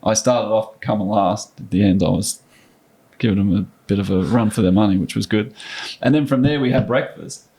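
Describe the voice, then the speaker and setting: Australian man, 50s, lower voice, animated raconteur guest. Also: a little fast. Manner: animated anecdotes, frequent restarts and laughs. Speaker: guest, former basketball player. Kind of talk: casual storytelling.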